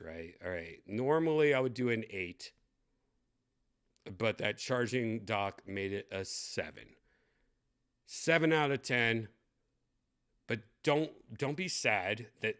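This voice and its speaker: A man's voice: lowish voice, fairly bright tone. A young man giving blunt, profane unboxing commentary, ranting with lots of fillers. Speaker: tech vlogger unboxing a VR headset.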